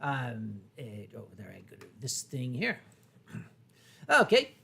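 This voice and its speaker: A man's voice: mid-range voice, wildly swooping pitch, slow pace, vocal fry, pushed and bright, breathy edge. A man hosting a livestream, tipsy from sake, chatting casually and chuckling as he reads out viewer messages and donations. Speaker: livestream host. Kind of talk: casual chat.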